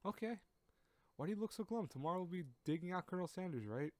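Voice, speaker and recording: A man voicing a sweet, timid teenage girl who talks in a soft, apologetic lilt. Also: sits high, expressive, fast, no echo, voice pushed up. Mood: cheerful.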